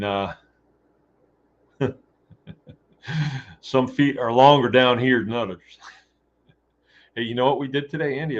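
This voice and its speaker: A man hosting a casual talk show, speaking in a blunt, joking and rambling way. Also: medium pitch. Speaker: host. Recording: dull lo-fi recording.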